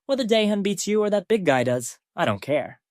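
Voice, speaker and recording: A man's voice: sits high, sing-song, fairly quick, no echo, voice pushed up. Irritable pushy schoolboy, snappy, dry close sound, read by a man. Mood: annoyed. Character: irritable, pushy male high-school student.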